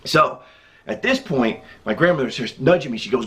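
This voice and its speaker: A man's voice: mid-range voice, normal speed. A man telling a funny personal story in a casual way, chuckling often as he goes. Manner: animated, jokey delivery.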